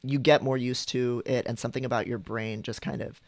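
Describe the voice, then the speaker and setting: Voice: medium pitch, fairly even intonation, fairly quick, creaky, no room sound. Rambling streamer voice, dry close sound. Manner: rambling, frequent ums and likes. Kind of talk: casual chat with stream viewers.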